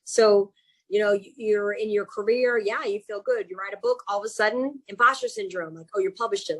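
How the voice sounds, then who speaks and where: A woman with a Southern US accent who works as an executive coach, giving a chatty, animated webinar talk over a video call with self-mocking asides. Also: medium pitch, brisk, rough recording. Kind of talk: webinar presentation.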